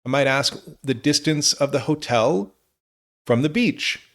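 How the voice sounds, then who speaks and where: A man teaching English, reading example questions slowly and clearly for learners. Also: medium pitch, animated, a bit bright. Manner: slow, clear model phrases for learners. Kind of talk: scripted lesson narration.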